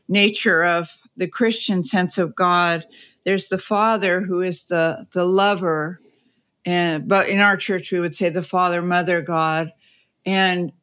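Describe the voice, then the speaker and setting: A woman's voice: on the low side, fairly bright tone. A woman guest on a conversational podcast, telling stories in a chatty way and laughing as she goes. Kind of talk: conversational storytelling.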